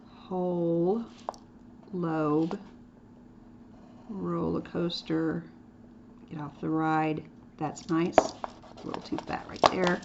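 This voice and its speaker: A woman's voice: fairly low pitch, a little mellow. Chatty woman teaching drawing, lo-fi. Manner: playful, chatty, with whispered asides. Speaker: art teacher. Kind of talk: drawing lesson demonstration. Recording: dull lo-fi sound with faint noise.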